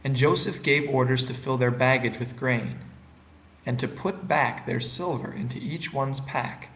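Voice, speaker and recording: A man giving a calm, steady, unhurried reading of scripture. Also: mid-range voice. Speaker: scripture reader.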